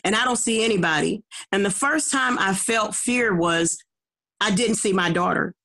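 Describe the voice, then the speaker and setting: A middle-aged woman evangelist recounts her testimony with an average-pitched voice and a forceful, emphatic delivery. She stumbles and restarts often, repeating words as she goes. She keeps turning to her listeners with a quick "okay?". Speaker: evangelist guest. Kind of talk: personal testimony storytelling.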